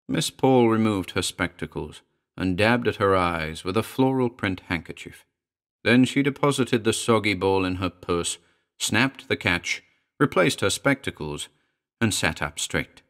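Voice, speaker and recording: A man narrating a horror story in a measured, dry manner. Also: on the low side, expressive, a bit bright.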